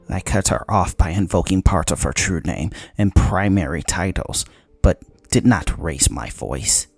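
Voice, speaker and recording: A man narrating a fantasy audiobook in a steady, measured storytelling manner. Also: deep voice, creaky, faint music behind.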